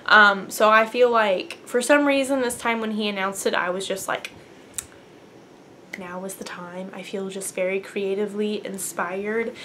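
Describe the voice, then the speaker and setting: A woman's voice: mid-range voice, fairly even intonation, moderate pace, few pauses, bright, forceful tone, a little hiss or hum. A young woman, hosting a knitting podcast from her apartment, chatting casually and bubbly with lots of fillers. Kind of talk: casual chat to camera. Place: apartment at home.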